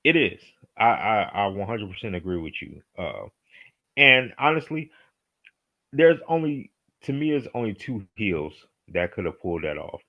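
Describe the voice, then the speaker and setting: A man co-hosting a casual wrestling podcast, relaxed and agreeable, often asking "you know what I mean?". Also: fairly low pitch, moderate pace, highs cut off. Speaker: podcast co-host.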